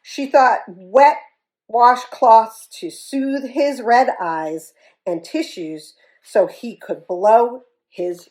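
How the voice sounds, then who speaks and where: A woman reading a children's story aloud in an expressive, animated way. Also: a little high, drawn-out words, poor audio.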